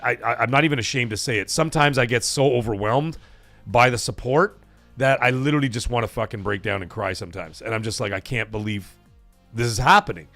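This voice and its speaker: A middle-aged man riffs to his live-stream audience in a profane, animated monologue. His voice sits mid-range and close, with a dry sound and faint music under it. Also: medium pitch, no room sound. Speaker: gaming channel host.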